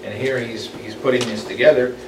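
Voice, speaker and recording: A man's voice: mid-range voice, steady tone. Man reading scripture in an echoey room. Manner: halting, restarts often, slows for reading. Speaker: Bible study leader. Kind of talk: group Bible study, reading scripture aloud. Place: room with a small group. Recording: echoey room, distant mic, background noise.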